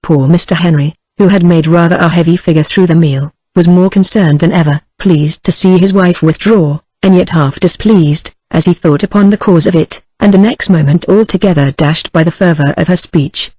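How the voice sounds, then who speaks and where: A woman's voice: lowish voice, moderate pace, hardly any pauses, dry recording, rough recording. Synthetic American woman narrating a novel. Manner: even synthetic cadence. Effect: text-to-speech synthesis. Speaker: audiobook narrator. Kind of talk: text-to-speech book reading.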